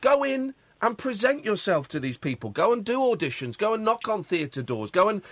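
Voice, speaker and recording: A male radio host with a high, very animated voice drives his points home by repeating them again and again. The sound is close and bone-dry, straight from a studio mic. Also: moderate pace, dry recording. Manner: emphatic, repetitive, urging. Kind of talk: phone-in talk radio.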